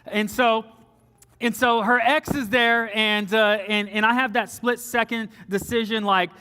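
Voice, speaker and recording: A young man telling a personal story from the front of a church, animated and often dropping low and soft for quoted lines. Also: moderate pace, clean tone. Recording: long reverb of a large hall.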